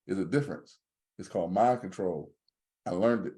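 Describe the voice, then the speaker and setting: A man's voice: deep voice, moderate pace. A man co-hosting a podcast, in casual joking banter. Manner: joking, animated storyteller. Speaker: podcast co-host.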